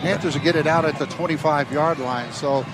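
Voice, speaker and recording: Guy calling a friday night football game, slightly high voice, lots of uhs, outdoor noise all around. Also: steady tone, a little fast. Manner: loose and chatty, with many fillers and restarts. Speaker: play-by-play announcer. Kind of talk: live football commentary. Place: press box at a high school football game.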